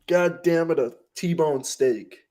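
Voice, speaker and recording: A man putting on the voice of a blustering macho guy, loud and drawn out. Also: on the high side, slow, voice pushed up.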